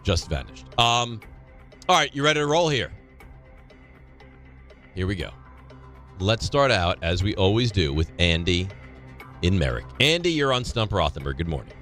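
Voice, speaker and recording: A man's voice: low voice, moderate pace, long pauses, soft background music. A man co-hosting a sports radio show, bantering casually and joking around. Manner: animated, jokey, does voices.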